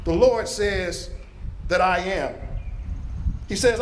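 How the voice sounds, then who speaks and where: A man's voice: sits high, slow pace, pauses often, echoey room, slight background noise. A male pastor giving a dramatic first-person biblical narration from a church, preaching emphatically and lifting his voice for quoted speech. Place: church sanctuary.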